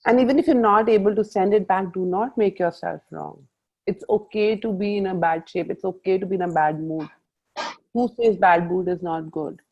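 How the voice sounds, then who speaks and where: Leading a casual group coaching session over a video call, a woman speaks with a gravelly edge at a medium pitch and moderate pace. She tells stories animatedly and quotes her own inner talk, and the audio is muffled in the usual video-call way.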